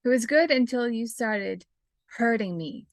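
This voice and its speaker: A woman's voice: a little high, animated, a little slow, dry recording, clean studio sound. A woman playing her character in a tabletop game, firm, breaking into laughs. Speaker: player.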